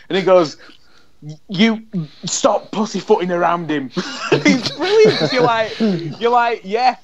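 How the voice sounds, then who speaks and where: A man co-hosting a casual podcast. He swears freely and acts out the quotes in his stories. His voice sits a little high, and the recording sounds dull and lo-fi. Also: expressive, a little slow. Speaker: podcast co-host. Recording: dull lo-fi audio.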